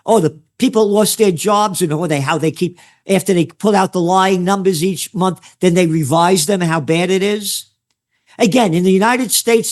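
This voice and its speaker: High-pitched sarcastic New York man. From New York City (the Bronx). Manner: sarcastic, crude, mocking asides. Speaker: guest, trend forecaster. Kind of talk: heated interview rant.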